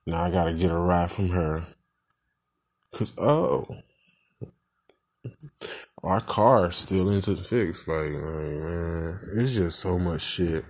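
A man's voice: sits low, takes it slowly, pauses often. A man venting in an angry, profane rant, full of rhetorical questions and frustration.

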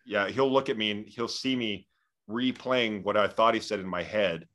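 A man appearing as a podcast guest, joking at his own expense and laughing often. His voice sits somewhat low for a man. The talk is loose and casual. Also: normal speed, a bit bright. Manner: self-mocking, laughs often. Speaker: podcast guest, content creator. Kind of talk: casual chat.

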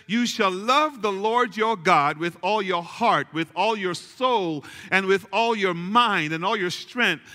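A male pastor delivers a sermon in a bright, high voice. He leans on repetition and slow, emphatic phrasing and calls for the congregation to answer. The sound carries a long reverb, as in a large church sanctuary. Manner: preaching with call-and-response, slow emphatic repetition.

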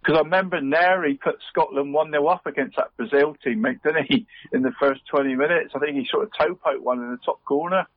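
A man's voice: fairly high pitch, fairly quick, hardly any pauses, no echo. A middle-aged man from Cornwall, co-hosting a casual podcast chat and tucking "mate" into nearly every sentence. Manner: chatty, says "mate" constantly. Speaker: podcast co-host. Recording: dull dry podcast audio.

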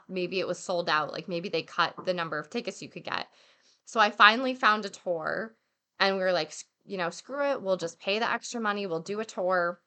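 Bright, animated young woman storyteller. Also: fairly low pitch. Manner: animated storyteller, acts out quotes, many fillers. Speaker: podcast co-host telling a travel story. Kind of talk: casual chat.

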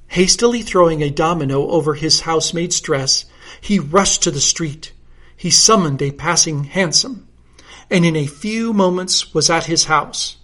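A man reading a comic story aloud in a measured, theatrical way. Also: sits high, fairly bright tone. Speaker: narrator.

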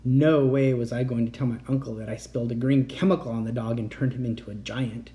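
A man reading a children's chapter book aloud in a lively storytelling way. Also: medium pitch, fairly quick. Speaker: audiobook reader. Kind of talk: scripted narration.

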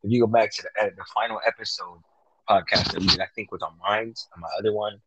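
A young man co-hosting a casual podcast, talking excitedly and boasting, full of slang, about calling his predictions. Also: lowish voice, fast talker, a little hiss or hum, poor audio. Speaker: podcast co-host.

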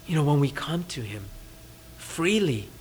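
A man preaching a sermon as a pastor, talking conversationally, asking the audience rhetorical questions and dropping to a hushed voice for emphasis. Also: fairly high pitch, very animated, a little slow, a little hiss or hum. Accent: Californian. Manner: drops to a soft, hushed voice for emphasis. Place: church.

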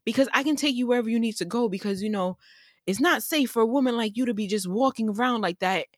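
A woman voicing an overly helpful southern man in a pickup truck, who talks eagerly, insistently and fast. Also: on the high side, no room sound, clean studio sound, voice pushed up, natural voice. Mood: pushy concern.

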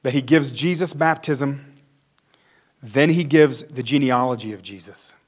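A man's voice: mid-range voice, measured pace. Conversational male pastor preaching. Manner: conversational, acts out quotes. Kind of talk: sermon.

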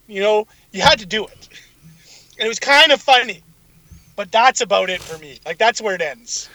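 A man's voice: high-pitched, moderate pace, pushed and bright, dry recording, low-quality recording. A man co-hosting a casual podcast, blunt and exasperated, swearing often as he complains about a TV show. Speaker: podcast co-host. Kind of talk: casual chat.

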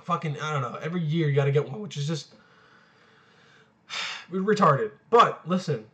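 Young man, college age, a bit high-pitched, rambling casual storytelling, crude, constant swearing and fillers. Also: expressive, normal speed, a bit bright. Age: young adult. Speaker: college student telling a story.

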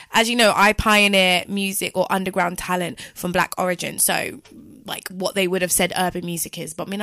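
Bright, chatty woman radio host. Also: medium pitch, no room sound. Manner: chatty and giggly, with many fillers. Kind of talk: casual radio chat.

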